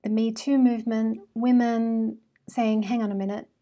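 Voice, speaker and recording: A woman's voice: on the high side, flat delivery, normal speed. Chatty Australian woman astrologer. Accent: Australian with British and American traces. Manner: chatty and warm with frequent fillers. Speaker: astrology channel host. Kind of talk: casual monologue to camera.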